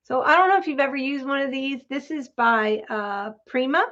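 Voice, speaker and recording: A woman with a high, slightly bright voice and lively intonation speaks at normal speed. She runs a casual craft-along livestream, measuring and cutting as she thinks aloud and chats with her viewers, over a dull, lo-fi home stream with obvious background noise.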